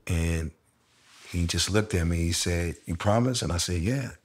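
A middle-aged man speaks in a candid sit-down conversation, his very deep voice staying low and level. He tells his story slowly and reflectively, dropping casual slang along the way. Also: fairly even intonation, slightly rough. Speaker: interviewee sharing a personal story.

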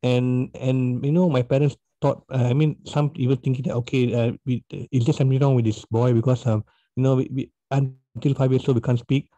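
A man's voice: mid-range voice, flat delivery, fairly quick, warm tone, dry recording. A man hosting a podcast interview, a math teacher, speaking hesitantly with many restarts. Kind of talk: casual interview chat. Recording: dull lo-fi dry sound.

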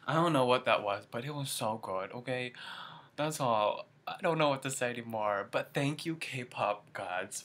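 A young man reacting excitedly to a music video, gushing and exclaiming as he goes. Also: medium pitch. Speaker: YouTube reaction vlogger.

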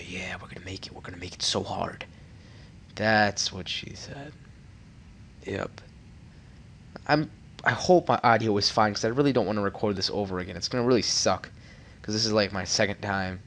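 A man's voice: lowish voice, a bit bright. A young man giving casual, rambling commentary over a space game tutorial, joking and getting flustered as he plays. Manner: rambling, jokey and easily flustered. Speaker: gameplay commentator.

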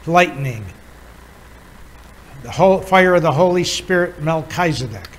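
A man teaching a Bible lesson as a pastor, pausing often with fillers while he explains words. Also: fairly high pitch, fairly bright tone, rough recording. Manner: halting, many filler pauses, chuckles while teaching.

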